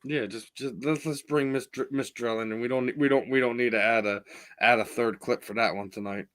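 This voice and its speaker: A man co-hosting a casual podcast, halting and repeating words as he talks. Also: medium pitch, steady tone, a bit bright, no echo. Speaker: podcast co-host.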